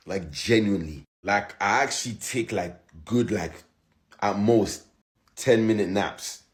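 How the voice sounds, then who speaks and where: A man's voice: lowish voice, a little slow. A man chatting casually and wearily about being tired at work, rambling with lots of fillers. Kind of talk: casual vlog chat.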